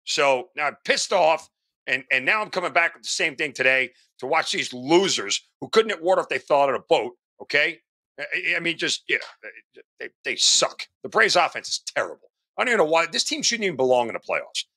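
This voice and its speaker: A man co-hosts a sports betting show and rants about his picks in a lively, sharply bright voice that swings high and low. His exasperated, profane tirades keep coming back to "okay?", heard dry and close to the mic. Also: fairly quick, dry recording. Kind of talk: ranting sports betting talk.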